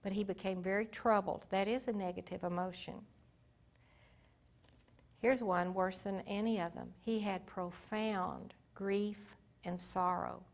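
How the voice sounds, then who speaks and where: A woman giving an informal Bible teaching in a folksy, emphatic way, swinging between soft and loud. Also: mid-range voice, steady tone, measured pace, gravelly.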